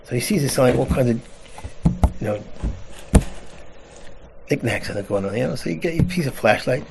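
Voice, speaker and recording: Brief: male rabbi storyteller, rough gravelly tone, animated delivery, noisy background. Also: medium pitch, brisk. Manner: animated storyteller, acts out voices. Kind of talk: storytelling talk with a parable. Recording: noisy recording.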